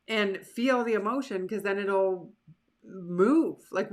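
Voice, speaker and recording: Woman host, casual motivational talk, animated and chatty, mid-pitched voice. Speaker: host of a live motivational show. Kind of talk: casual live-stream talk.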